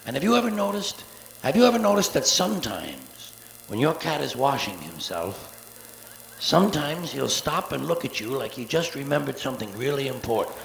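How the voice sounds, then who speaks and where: Man doing stand-up, gravelly voice, lively swooping delivery, sarcastic and profane, roomy theater soundboard recording. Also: medium pitch, moderate pace, background noise. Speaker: stand-up comedian. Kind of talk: live stand-up routine. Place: live theater stage.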